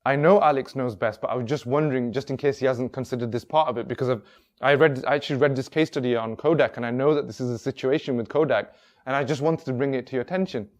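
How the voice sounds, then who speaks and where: A man's voice: medium pitch, quick pace, natural voice. A man voicing a polite young male office worker who stumbles and restarts as he speaks. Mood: earnest.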